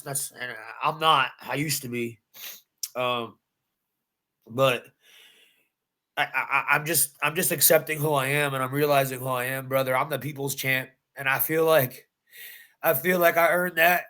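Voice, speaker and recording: A man's voice: mid-range voice, steady tone, moderate pace, pauses often, pushed and bright. A man, a bare-knuckle fighter, recounting his win in a post-fight interview with intense, emphatic storytelling and repeated phrases. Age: adult.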